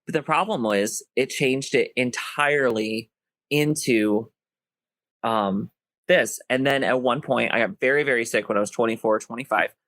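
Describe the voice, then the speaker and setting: A man's voice: mid-range voice, a bit bright, no room sound. Man, Southern US twang, nasal, effeminate lilt; candid podcast chat, dry close recording. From US, Ohio and Florida. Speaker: podcast co-host. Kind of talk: casual chat.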